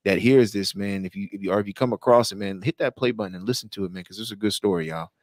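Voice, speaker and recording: Low-voiced laid-back male podcast host. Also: quick pace, no echo, clean studio sound. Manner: rambling, ends phrases with "man", many restarts. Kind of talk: casual podcast chat.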